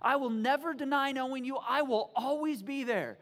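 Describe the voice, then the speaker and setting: Lady preacher playing a brash eager young guy, pushy and loud, all in. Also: sits high, moderate pace. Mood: insistent. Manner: emphatic, insistent. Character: bold, brash young man, eager and loyal.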